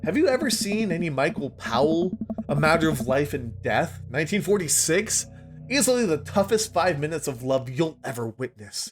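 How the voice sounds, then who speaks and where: A brash film-buff dad with a blustery, lecturing way of talking, as a man reads him in a lower, slower voice. His delivery swings widely, and clear music plays under him throughout. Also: very animated. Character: brash film-loving middle-aged dad.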